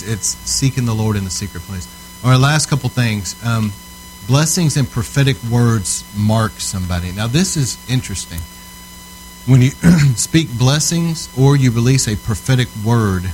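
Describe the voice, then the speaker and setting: A male preacher with a mid-range, slightly mellow voice is captured on a low-quality recording with some hiss or hum. Teaching on altar ministry, he gives a conversational sermon to a congregation, casual and storytelling yet earnest and emphatic, often checking in with his listeners.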